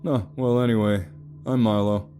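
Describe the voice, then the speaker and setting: A man's voice: on the low side, fairly even intonation, normal speed, dark tone, faint music behind. A man narrating a first-person romance horror story in a wry, sarcastic storytelling manner.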